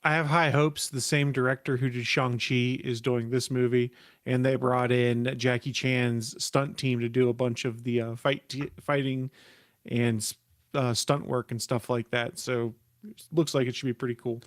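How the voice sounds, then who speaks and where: A man's voice: mid-range voice, level tone, normal speed, no room sound, studio quality. A man chatting casually on a podcast, joking around and hesitating with restarts while he explains things. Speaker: podcast co-host. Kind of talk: casual chat.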